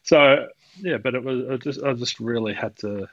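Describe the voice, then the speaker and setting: A man's voice: mid-range voice, normal speed, fairly bright tone, dry recording, lo-fi sound. Rambling, laughing male coach on a podcast. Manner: rambling, laughs often, acts out quoted voices. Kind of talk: casual podcast conversation.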